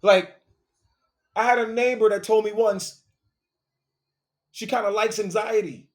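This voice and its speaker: A man's voice: high-pitched, steady tone, a little slow. A man with a slightly raised voice lectures his listeners in a profane, confrontational monologue. He preaches hard and hammers his points home with repetition. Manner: preachy, profane, confrontational, repeats phrases for emphasis. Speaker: host.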